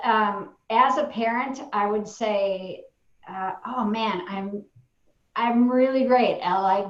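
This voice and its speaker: A woman's voice: medium pitch, roomy sound, dull audio. A woman, a parent taking part in a coaching training, sharing candidly and self-deprecatingly with many fillers over a video call.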